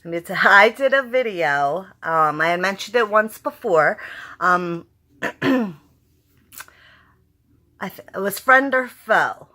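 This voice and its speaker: Bright-voiced, excitable woman reviewing a show. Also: medium pitch, takes it slowly, pauses often. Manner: excitable, rambling, swears freely. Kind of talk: casual episode review vlog.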